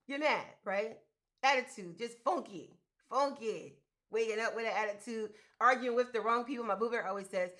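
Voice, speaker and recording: A woman's voice: on the high side, fairly quick, a bit bright. Woman host, motivational live talk, emphatic and colloquial, chatty. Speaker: host giving business grant advice.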